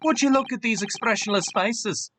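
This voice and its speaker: A man's voice: very high voice, moderate pace, background noise, pitched above the performer's own voice. A man voicing a pushy, sly street hustler with a put-on Irish accent. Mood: cheeky. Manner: cheeky, wheedling.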